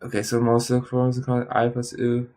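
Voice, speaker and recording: A tired man studying on a stream, thinking aloud in a halting, muttering way and sounding out practice words. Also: mid-range voice, completely flat delivery, a little mellow. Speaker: language learner streaming study.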